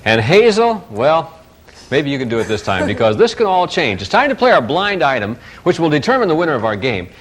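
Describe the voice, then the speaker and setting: A man hosting a game show in a brisk, chatty announcer manner. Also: a little high, very animated. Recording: noisy old TV studio recording. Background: studio audience.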